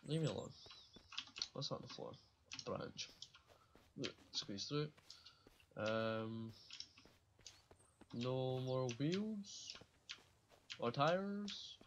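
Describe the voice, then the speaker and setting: A man's voice: mid-range voice, lively intonation, takes it slowly, long pauses, muffled recording, background noise. A man giving casual commentary while playing a survival game, rambling and swearing freely and laughing at his own slips. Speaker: gaming channel host.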